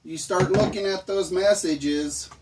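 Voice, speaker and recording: A woman's voice: fairly low pitch, measured pace, darkish tone, distant mic. A woman co-host in casual chat, chiming in with everyday examples.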